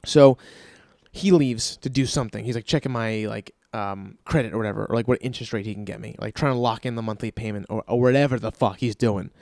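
A man telling a comic story with an animated, profane, ranting delivery. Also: on the low side, fast, vocal fry, no room sound, studio quality.

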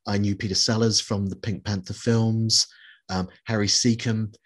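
A man's voice: lowish voice, level tone, normal speed. A middle-aged man from New Zealand chatting reflectively, with many fillers and restarts. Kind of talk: casual chat.

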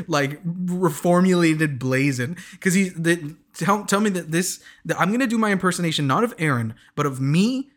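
A man's voice: fairly high pitch, moderate pace, fairly bright tone. Rambling young man recapping a show. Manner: rambling, many "like"s, stammering restarts. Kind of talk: casual reality-show recap.

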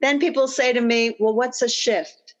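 A woman coach who leads a guided affirmation practice and tells personal stories, repeating phrases slowly and earnestly. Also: a little high, steady tone. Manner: slow, earnest repetition of phrases. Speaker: guest coach and author. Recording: dull lo-fi audio.

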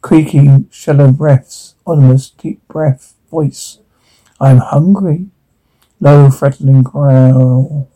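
A man reading a transcript aloud, slow and halting, stumbling over words. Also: mid-range voice, level tone, warm tone, rough recording. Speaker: reader.

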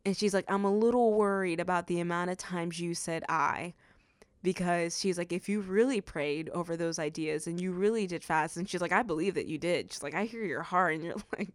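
A young adult woman hosting a faith-based podcast, telling stories and acting out what people said in an animated way. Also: lowish voice, brisk, dry recording, studio quality. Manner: animated storytelling, acts out quotes. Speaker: podcast host.

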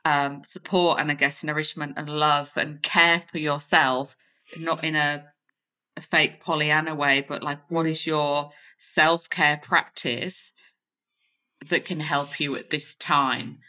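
A woman's voice: deep voice, steady tone, slow. A woman hosting a podcast as a confidence coach, speaking in an affirming, encouraging way. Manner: warm, affirming coaching talk. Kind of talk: casual chat.

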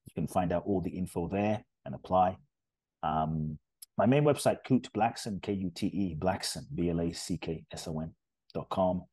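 A man from Ghana, a spiritual teacher, telling a story as a podcast guest in an earnest, animated way. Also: low voice, normal speed, breathy edge, no echo.

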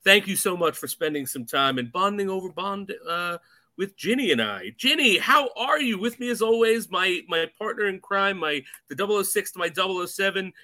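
A man hosting a casual podcast, his voice pitched a bit high and very bright. He talks in an animated, joking way, tossing in quick asides. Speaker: podcast co-host. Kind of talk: casual chat.

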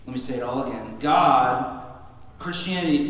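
A man's voice: mid-range voice, moderate pace, fairly bright tone. Man preaching in an echoey church. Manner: emphatic, conversational preaching with repeated restarts. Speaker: pastor. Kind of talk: sermon. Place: church sanctuary. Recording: echoey hall from a distant mic.

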